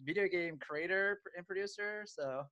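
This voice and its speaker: A man's voice: high-pitched, moderate pace, sharp tone, no room sound, dull audio. A man hosting a casual interview podcast, eager and upbeat, talking with plenty of fillers and restarts. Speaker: podcast host.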